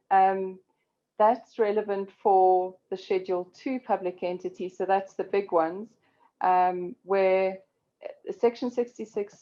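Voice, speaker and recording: Woman, legal presenter; deep-ish mellow tone, measured delivery with "um"s, muffled video-call sound. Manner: measured, explanatory, frequent "um"s. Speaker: corporate law expert presenting. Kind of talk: webinar presentation.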